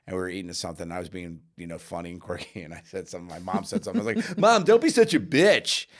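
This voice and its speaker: A man co-hosting a podcast, telling casual stories in an animated way with lots of laughter. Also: low-pitched, racing. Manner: animated, laughing, acts out quotes in his stories. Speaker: podcast co-host. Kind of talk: casual storytelling chat.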